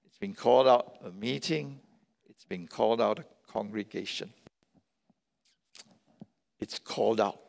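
Speaking slowly and deliberately, a pastor with a gravelly, mid-range voice delivers a sermon. Key phrases come back again and again to drive his points home. His words echo with the long reverb of what sounds like a big church hall.

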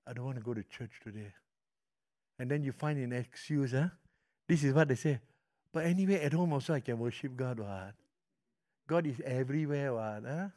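In a mid-range voice, a middle-aged pastor with a Malaysian English accent tells stories from the pulpit with lively animation. He shifts from booming to quiet as he preaches.

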